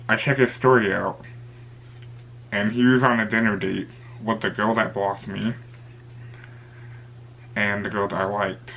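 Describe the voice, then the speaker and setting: A man's voice: fairly low pitch, steady tone, normal speed, vocal fry, long pauses, a bit bright, a little hiss or hum, poor audio. A young man telling a casual storytime vlog, rambling and retelling conversations with lots of "I'm like". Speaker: YouTuber.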